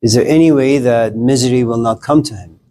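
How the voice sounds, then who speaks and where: A doubtful, questioning young woman, as a man puts her on. Her voice stays mid-pitched, and she speaks with a touch of indignation. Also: fairly quick, warm tone, slight background noise, close to an everyday voice. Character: young pregnant woman, doubtful then anxious.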